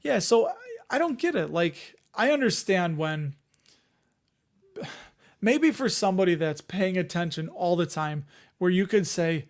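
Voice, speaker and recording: A man with a fairly high voice talks casually on a live stream. He rambles, restarts his sentences and answers comments from the chat as he goes. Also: expressive, a little slow, long pauses. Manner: rambling, conversational, reads chat comments aloud. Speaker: host of a dividend investing live stream.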